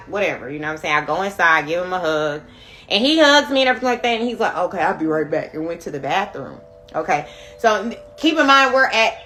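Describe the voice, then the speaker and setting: Young woman, live-stream host, bright and emphatic, swears a lot, talks straight to viewers. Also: mid-range voice. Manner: emphatic, profane, addresses viewers directly. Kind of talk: casual storytelling to viewers.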